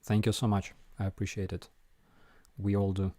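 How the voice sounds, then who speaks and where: A man's voice: on the low side, monotone, moderate pace, warm tone, dry recording. A man with a Ukrainian accent hosting a casual live viewer Q&A, hesitant with many fillers and restarts.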